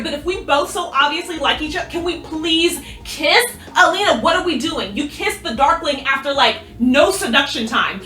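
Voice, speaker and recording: A woman in a casual recap vlog, excitable and animated, swearing freely as she retells the scenes. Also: high-pitched, moderate pace, few pauses. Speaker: recap youtuber. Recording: roomy, distant mic with music.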